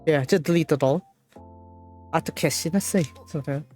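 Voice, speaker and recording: A woman streamer reading and translating a visual novel live in a playful, animated way. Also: low-pitched, fast talker, faint music behind. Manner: playful, animated, laughs often.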